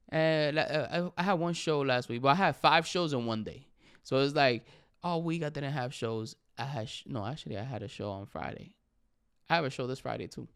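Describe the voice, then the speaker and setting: A man's voice: medium pitch, vocal fry, clear, resonant tone. A man in his thirties, a comedian hosting his own podcast, talking candidly and in a rambling, reflective way about how he feels. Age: 30s. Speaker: podcast host and stand-up comedian. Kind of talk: candid solo podcast monologue.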